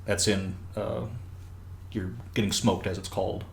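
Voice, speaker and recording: A man in his thirties hosting a casual chat, recalling stories in a relaxed, rambling way. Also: sits low, a little slow, vocal fry. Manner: relaxed, rambling, many fillers. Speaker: podcast host. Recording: roomy with faint background hiss.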